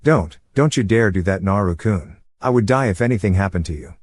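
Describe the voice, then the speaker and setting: A man voicing a shy, gentle teenage ninja girl in a fan-fiction reading, soft and hesitant with stammers. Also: sits low, animated, a little fast, husky, no room sound. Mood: soft, pleading.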